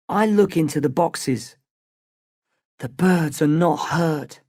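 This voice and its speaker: Slow, even storybook narrator. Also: mid-range voice, no echo, studio quality. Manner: slow, clear, evenly paced.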